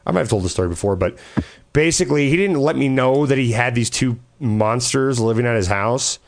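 A man's voice: medium pitch, expressive, brisk, slight background noise. Rambling, swearing man telling stories. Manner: rambling storyteller, swears a lot, laughs often. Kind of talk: casual chat.

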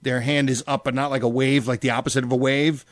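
A man in casual chat, telling stories with lots of swearing and acting out his own shouting. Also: mid-range voice, quick pace, dry recording. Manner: profane, animated, acts out his own yelling.

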